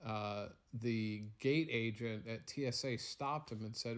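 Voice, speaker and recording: A man's voice: mid-range voice, slow. A man telling a playful, rambling improvised bedtime story at home.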